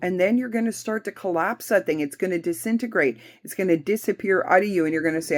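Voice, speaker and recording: A woman's voice: fairly low pitch, fast, few pauses. A woman teaching spiritual healing in a blunt, emphatic, repetitive way, with occasional swearing. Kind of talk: spiritual self-help talk.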